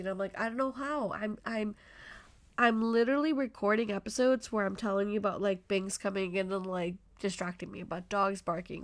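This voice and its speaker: Passionate, rambling woman podcaster. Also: mid-range voice. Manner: effusive, passionate, rambling with self-interruptions. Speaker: podcast host. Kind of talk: motivational solo podcast talk.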